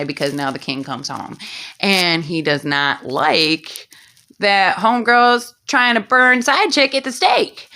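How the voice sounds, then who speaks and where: A woman's voice: lowish voice, pushed and bright. A woman telling a comic story with sassy, slangy asides. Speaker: comedic storyteller.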